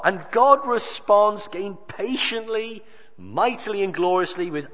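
A man's voice: high-pitched, lively intonation, a bit bright. Man preaching in an echoing hall. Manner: emphatic, with dramatic pauses and quoted dialogue. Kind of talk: sermon. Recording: dull sound with long reverb of a hall.

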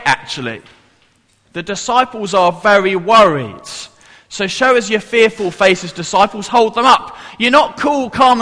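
A man's voice: high-pitched, pushed and bright, big-room sound. A man giving an interactive children's Bible talk to a congregation in church, playful and coaxing everyone to join in.

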